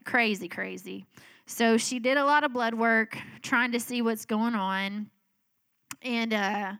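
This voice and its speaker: A woman's voice: mid-range voice, a bit bright. A middle-aged woman giving a casual spoken testimony, telling her story in a chatty way full of filler words. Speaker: speaker sharing a personal testimony.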